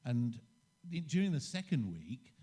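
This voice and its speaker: A man's voice: mid-range voice, very animated, measured pace, dark tone, breathy edge. A man speaking as a guest on a convention panel, hesitant and often restarting. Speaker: panel guest, son of an actor. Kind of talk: casual panel talk.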